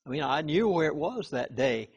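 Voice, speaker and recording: A man speaking as a chaplain in an interview, talking earnestly and stressing key words hard, with halting restarts. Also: fairly high pitch, big pitch swings, vocal fry, slightly rough, highs cut off.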